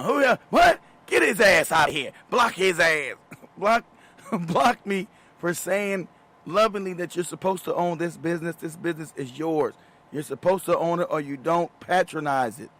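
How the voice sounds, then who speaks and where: A man's voice: a little high, a bit bright. A man hosting a show, talking in a casual, emphatic monologue full of profanity and frequent laughter. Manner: emphatic and profane, laughs often mid-sentence. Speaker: show host.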